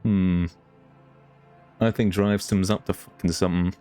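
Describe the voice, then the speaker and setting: A man with a notably low voice talks through a game stream, muttering to himself and swearing casually. He reacts in short hums while he reads, and faint music plays underneath. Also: steady tone, moderate pace, warm tone. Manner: muttering, swearing, thinking aloud. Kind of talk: casual gameplay commentary.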